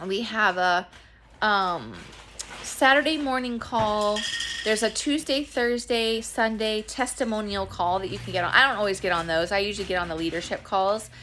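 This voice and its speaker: An earnest woman talks to her camera at home, chatty and full of fillers and restarts. Her pitch climbs high and lively when she gets emotional about her home business. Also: normal speed, a little hiss or hum. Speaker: network marketing distributor. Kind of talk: casual talk to camera. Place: at home with children nearby.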